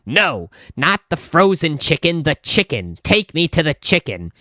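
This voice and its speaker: A man putting on a deadpan, demanding woman shopper. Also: on the high side, measured pace, no room sound, clean studio sound, heavily acted. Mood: angry. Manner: flat, demanding, then snapping. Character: pushy deadpan middle-aged woman shopper, furious.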